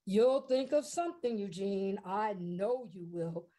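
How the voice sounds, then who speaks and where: A woman storyteller voicing a calm, kind male school principal, speaking gently, slowly and reassuringly. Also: mid-range voice, lightly acted. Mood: gentle.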